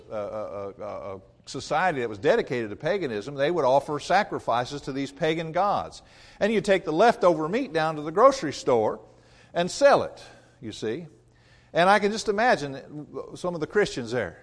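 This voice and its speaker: A man's voice: fairly high pitch, big pitch swings, normal speed. A male preacher giving a sermon in an emphatic, conversational way and coming back to the same refrain again and again.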